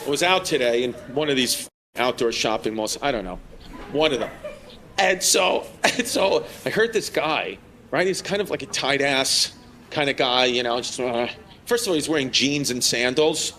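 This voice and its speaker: A man's voice: medium pitch, moderate pace, pushed and bright. A male stand-up comedian doing crude, laughing crowd work on a comedy club stage with a handheld mic. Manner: brash, crude, laughing teasing of audience members. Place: comedy club stage before a live audience. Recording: live club recording with crowd laughter and noise.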